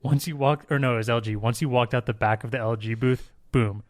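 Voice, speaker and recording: Laughing, excited man on a podcast. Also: medium pitch, fairly quick. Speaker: podcast co-host. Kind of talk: casual chat. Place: hotel room.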